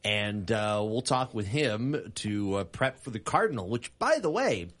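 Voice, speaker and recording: A man's voice: on the low side, a little slow. Joking male sports radio host. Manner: lively, joking, with frequent filler sounds. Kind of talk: casual studio banter.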